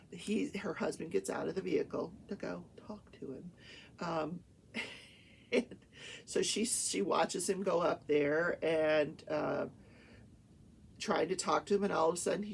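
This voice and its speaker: A woman's voice: lowish voice, gravelly, slight background noise. An older woman hosting a talk show, chattily retelling courtroom testimony in casual storytelling with her own asides. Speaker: talk show host and retired attorney. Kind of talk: casual storytelling recap of a trial.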